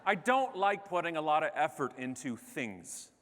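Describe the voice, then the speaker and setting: A man in a comedic keynote, his voice a touch high and swinging widely up and down as he jokes at his own expense. The sound carries a long echo through a big hall. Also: normal speed, slight background noise. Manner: animated, joking, self-deprecating. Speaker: keynote speaker. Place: large conference stage. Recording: echoey hall.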